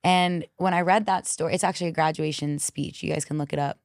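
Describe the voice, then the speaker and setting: A woman with a low voice tells stories frankly and bluntly, swearing freely as she goes. She speaks as a coach and podcast guest in casual conversation. The sound is close and dry. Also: fast talker, creaky, no echo. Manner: frank, profane, animated storyteller.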